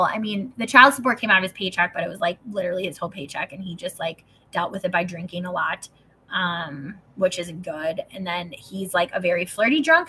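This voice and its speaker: A woman's voice: lowish voice, sharp tone, slight background noise. A woman in her thirties telling a personal story in a chatty way, full of "like", swearing and acted-out quotes, then reading from a book. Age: 30s. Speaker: host reading and discussing a self-help book.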